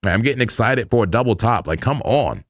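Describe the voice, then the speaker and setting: A man's voice: on the low side, animated, brisk, dry recording, clean studio sound. A man hosting a live crypto trading stream, chatting loosely in slang and laughing often as he talks through charts. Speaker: crypto trading livestream host. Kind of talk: casual live market commentary.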